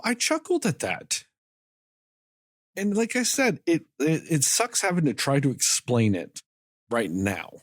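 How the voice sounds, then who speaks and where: The speaker, a podcast co-host, has a mid-range voice recorded as clean studio sound without echo. He talks through film scenes on a casual review show, rambling, swearing freely, and often acting out characters' lines in quick asides.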